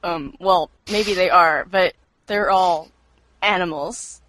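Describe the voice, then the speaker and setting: Low-voiced woman co-hosting with dry quips. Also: takes it slowly, a bit bright, a little hiss or hum, rough recording. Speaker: podcast co-host. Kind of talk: casual podcast chat.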